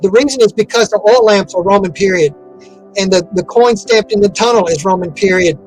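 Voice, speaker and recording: A man's voice: high voice, fairly quick, soft background music, low-quality recording. A man giving an interview in a casual, rambling way, with many fillers and restarts. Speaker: interview guest.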